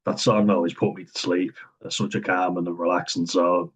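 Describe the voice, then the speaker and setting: A man talking casually to camera, thinking aloud with frequent chuckles and pauses. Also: sits low, little pitch movement, muffled recording. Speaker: vlogger talking about autism. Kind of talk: casual unscripted monologue.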